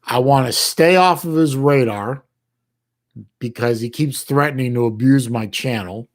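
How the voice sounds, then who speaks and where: Reading chat on his livestream, a middle-aged American host speaks in a medium pitch and chats casually. He's halting and restarts frequently, leaning on folksy slang.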